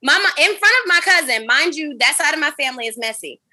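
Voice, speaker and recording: A woman with a very bright, fairly high voice, spinning a story for her co-hosts. She talks in a lively, profane and dramatic way, with the feel of casual podcast chat. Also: fast. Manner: animated, profane, dramatic retelling. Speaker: podcast host.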